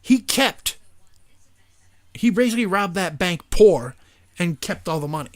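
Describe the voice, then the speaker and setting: A man co-hosting a casual talk show, excitedly retelling a movie scene and acting out the characters' lines. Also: high-pitched, unhurried. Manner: animated, acts out quoted lines. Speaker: podcast co-host.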